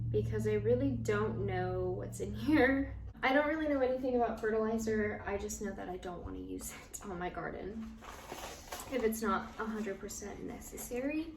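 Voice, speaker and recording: A woman's voice: a little high, noisy background. A young woman narrating a casual gardening vlog in a chatty, slightly unsure way, with fillers and small laughs, partly recorded outdoors in her garden. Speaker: gardening vlogger.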